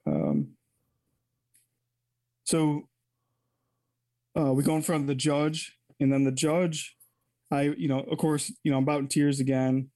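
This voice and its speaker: A man's voice: fairly high pitch, level tone, measured pace, long pauses, mellow, dry recording. A man telling a personal story as an interview guest, candid and rambling, often correcting himself mid-sentence.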